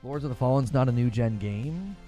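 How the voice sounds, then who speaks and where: Animated man hosting a gaming stream. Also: mid-range voice, a little fast, muffled recording, soft background music. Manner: animated, incredulous, rambling. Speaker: gaming show host. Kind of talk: live-stream chat answering viewers. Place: home.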